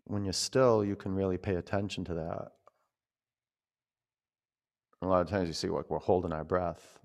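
Male yoga teacher, low gravelly voice, gentle chatty cueing. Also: fairly even intonation, fairly quick. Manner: gentle, conversational cueing with frequent fillers. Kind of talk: guiding a yoga class.

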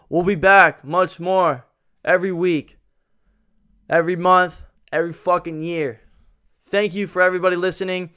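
A young man hosting a podcast, rambling excitably and swearing freely. His voice sits a little high for a man and comes across smooth and clear. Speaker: podcast host. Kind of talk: casual fight-talk podcast monologue.

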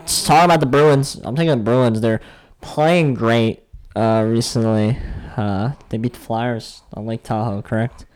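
A man's voice: medium pitch, fairly even intonation, a little slow. A man hosting a podcast, chatting casually and joking about sports picks. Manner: chatty, joking, trails off mid-sentence. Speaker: podcast host. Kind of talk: casual sports betting chat.

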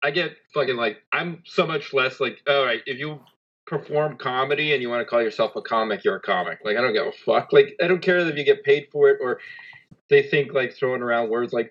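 A man's voice: mid-range voice, brisk, fairly bright tone. Blunt, sweary man on lo-fi mic. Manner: blunt, profane, dismissive. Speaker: podcast co-host. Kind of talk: casual comedy podcast chat.

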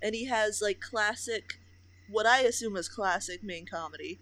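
A woman's voice: mid-range voice, moderate pace, a bit bright. A woman co-hosting a casual podcast chat, reacting with exclamations and laughing along. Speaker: podcast co-host listening.

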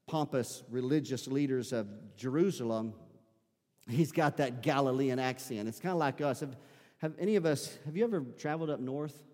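A man's voice: medium pitch, darkish tone. A man with a Southern US accent preaching a sermon as pastor, rising into emphatic bursts and calling out to his congregation. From American South. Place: church sanctuary. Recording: live-streamed sermon in a reverberant hall.

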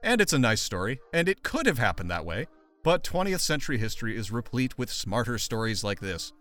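A man's voice: medium pitch, very animated, fairly quick, a bit bright, faint music behind. A man hosting a history podcast, telling the story in a jokey, casual way while sick with a sore throat. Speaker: podcast co-host.

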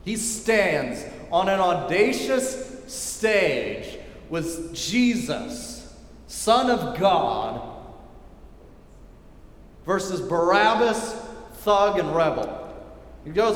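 Brief: male pastor, a little high-pitched, emphatic and repetitive, preaching in a reverberant church hall. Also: sing-song, slow, pauses often. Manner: emphatic, repetitive, dropping to quiet intensity. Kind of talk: sermon. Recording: echoey hall with long reverb.

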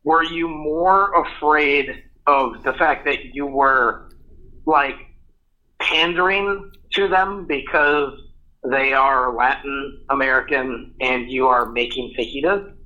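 A man's voice: medium pitch, fairly even intonation, takes it slowly, bright, forceful tone, lo-fi sound. A man in his thirties co-hosting a podcast, talking casually with lots of fillers and asides. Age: 30s. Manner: rambling, filler-heavy questions. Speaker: podcast co-host. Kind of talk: casual chat.

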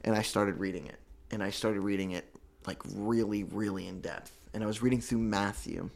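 Man, lowish voice, heartfelt testimony, halting, restarts often. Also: steady tone, vocal fry. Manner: earnest, halting, with many restarts. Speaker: guest telling his recovery story. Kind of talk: emotional personal testimony.

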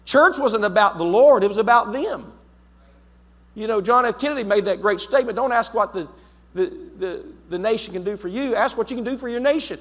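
A man preaching a sermon as pastor, swinging between loud, urgent lines and hushed, intimate ones. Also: high voice, fairly quick. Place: church sanctuary. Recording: long church reverb.

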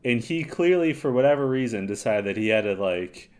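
Lively, blunt podcast man. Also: medium pitch, fairly quick. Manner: blunt, laughs often, emphatic. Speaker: podcast co-host. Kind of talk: casual podcast recap chat.

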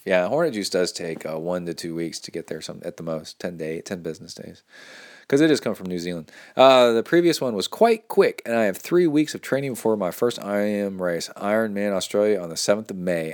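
A man with a fairly low voice hosts a laid-back podcast from his training room at home. He reads listener emails aloud and keeps cutting in with jokey remarks. His pitch jumps up sharply when something excites him. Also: brisk. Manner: excitable, jokey asides with sudden high-pitched exclamations. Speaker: podcast host. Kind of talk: casual podcast chat, reading listener emails.

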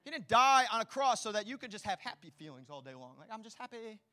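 A man preaching a sermon as pastor, swinging between hushed, intimate lines and loud, rousing ones, with chatty asides and rhetorical questions. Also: high voice, big pitch swings, quick pace, no echo.

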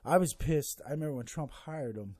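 A man hosting a casual political rant, swearing heavily and wandering off track as he talks. His voice is dark and mellow, recorded close and dry with no room sound. He fills gaps with ums and uhs as he thinks aloud. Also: a little high, a little fast, dry recording. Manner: profane, rambling, heavy swearing with many fillers.

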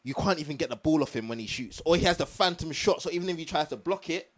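A young man argues his case on a casual podcast. His voice sits a little high and swings in pitch. He pushes every point with emphasis. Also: expressive, fast, fairly bright tone. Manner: argumentative, emphatic. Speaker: guest. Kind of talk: casual chat.

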